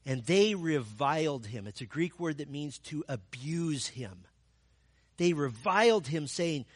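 A man's voice: on the high side, lively intonation, measured pace, husky, dry recording, clean studio sound. A man preaching a sermon, telling the story with rhetorical questions and emphatic repetition. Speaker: pastor.

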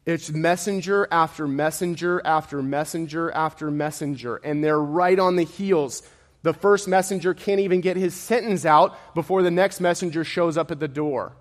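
A man's voice: on the high side, steady tone, moderate pace, in a large hall. A man preaching a sermon, emphatic and repetitive, his intensity rising and falling.

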